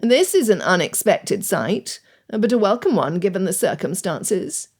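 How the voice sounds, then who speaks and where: A woman voicing a pompous middle-aged royal prince with a nasal, haughty, slow and measured delivery. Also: medium pitch, very animated, husky, exaggerated voice.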